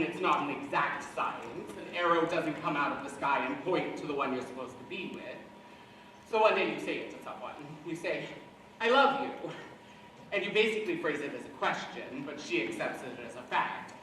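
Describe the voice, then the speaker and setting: A man's voice: fairly high pitch, pushed and bright, slight background noise. A young man playing a wistful, rambling theater fan. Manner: confiding, rambling asides to the audience. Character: wistful middle-aged male musical fan, chatty. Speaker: student actor. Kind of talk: live stage musical. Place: school auditorium stage. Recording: echoey hall from far off.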